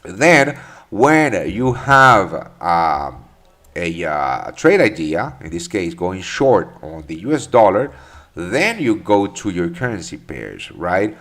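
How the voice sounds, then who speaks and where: Deep-voiced man on a live trading stream. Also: sing-song, slow, fairly bright tone. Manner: loose and profane, many fillers and restarts. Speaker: trading stream host answering chat questions. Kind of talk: casual live market commentary.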